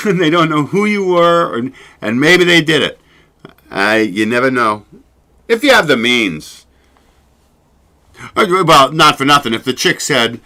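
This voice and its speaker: A man's voice: on the high side, wildly swooping pitch, moderate pace, pauses often, sharp tone. A man hosting his own show, chatting casually and rambling, swearing freely and laughing often. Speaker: show host. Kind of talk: casual solo livestream chat.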